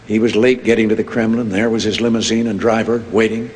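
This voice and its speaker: A man's voice: lowish voice, little pitch movement, quick pace, darkish tone. An older man giving a speech full of folksy anecdotes, told with dry humor. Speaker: public speaker. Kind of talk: joke-filled speech. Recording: long hall reverb, faint noise.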